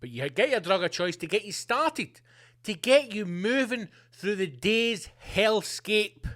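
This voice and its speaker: A man's voice: high voice, expressive, measured pace, a bit bright. A man hosting his own podcast, ranting angrily and sarcastically with lots of swearing. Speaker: podcast host.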